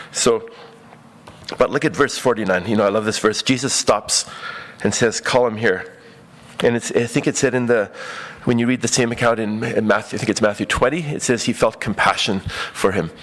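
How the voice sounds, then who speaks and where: A man preaching a conversational sermon, talking casually with many fillers and acting out the voices he quotes. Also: lowish voice.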